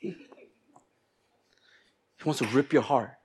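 A man preaching a sermon in a church, animated, breaking into little acted exchanges in different voices. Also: medium pitch, measured pace, pauses often, slightly rough. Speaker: pastor.

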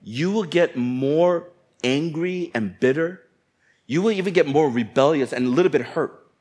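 A pastor delivers a sermon in an easy, talk-to-the-room manner. He slips in quick acted-out voices of everyday people. His voice sits a little on the high side for a man. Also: a little mellow. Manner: conversational, playful preaching with acted-out inner voices.

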